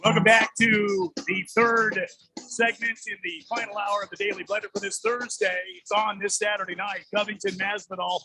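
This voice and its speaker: A man hosting a sports radio show, chatting casually and reading ads with many halting fillers. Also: high-pitched, little pitch movement, pushed and bright, faint music behind. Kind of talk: casual radio talk with live ad reads. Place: radio studio. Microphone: studio mic.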